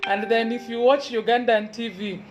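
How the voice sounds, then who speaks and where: A woman with a Kenyan Luo accent, a university lecturer giving an earnest motivational talk and repeating key advice slowly for emphasis. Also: a little high, steady tone, lo-fi sound, slight background noise.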